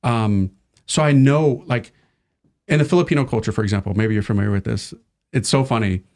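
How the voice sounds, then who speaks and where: A man, a priest and podcast guest, chatting casually and telling animated stories, acting out the people he quotes. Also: lowish voice, fairly quick. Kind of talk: casual conversation.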